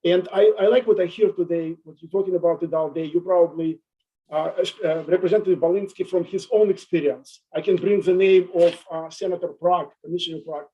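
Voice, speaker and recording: Emotional halting man testifying. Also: high-pitched, fairly even intonation, dull audio. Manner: halting, many restarts, emotional. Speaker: adult day center owner testifying. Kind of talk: public hearing testimony.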